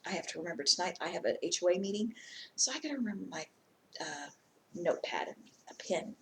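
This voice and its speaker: A woman's voice: on the low side, lively intonation, fast talker, a bit bright, a little hiss or hum. A woman vlogger telling a casual story time, chatty and rambling, with many ums and asides.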